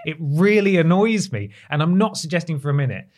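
A man's voice: fairly high pitch, fairly quick. Man chatting animatedly. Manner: talkative, animated, self-correcting. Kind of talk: casual chat.

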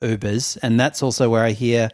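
A man's voice: mid-range voice, moderate pace, dry recording, studio quality. A man from Australia co-hosting a comedy podcast, joking and laughing often in casual chat. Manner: jokey, animated, laughs often. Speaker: podcast co-host. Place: Melbourne.

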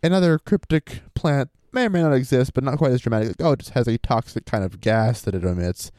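A man's voice: medium pitch, quick pace, a little mellow, no echo, studio quality. A man co-hosting a podcast, telling a story in casual chat, reading quotes aloud and adding wry, sarcastic asides. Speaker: podcast co-host.

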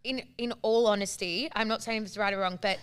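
A woman's voice: mid-range voice, fairly even intonation, a little fast, clean tone. A young woman in her twenties, blunt and swearing as she tells her side of a story in casual chat.

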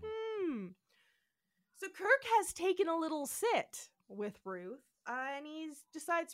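A woman's voice: extremely high pitch, expressive, slow, dry recording, studio quality. A woman co-hosting a podcast, playfully retelling a TV episode, laughing often and acting out the characters' lines. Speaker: podcast co-host. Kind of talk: casual chat, retelling an episode.

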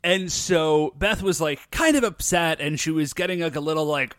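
Lively, animated American dad. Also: male voice, fairly high pitch, a little slow, clean tone, no echo, clean studio sound. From United States. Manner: animated storytelling, laughs often. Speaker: podcast co-host. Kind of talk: casual chat.

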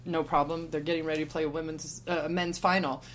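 A woman in her forties tells a story on a podcast, casual and animated. She acts out other people's lines as she goes. Her voice sits somewhat low for a woman. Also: fast, slight background noise. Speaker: podcast guest.

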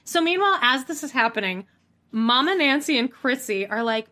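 A woman co-hosting a casual TV recap podcast, animated and acting out quotes with frequent swearing. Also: high voice, normal speed. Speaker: podcast co-host.

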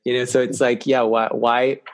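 A man hosting a podcast in casual chat, animated and playful in how he talks. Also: mid-range voice, moderate pace. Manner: animated, mimics camp voices for laughs. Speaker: podcast host.

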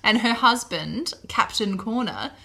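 A woman's voice: mid-range voice, lively intonation, measured pace, gravelly, sharp tone. A woman hosting a casual chat, telling a history story with many fillers and easy laughs.

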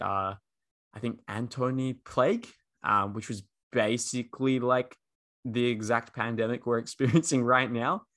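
A man's voice: on the low side, a bit bright. A man co-hosting a podcast, chatting casually with many fillers and restarts. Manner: rambling, many ums and restarts. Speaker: podcast co-host. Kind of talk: casual chat.

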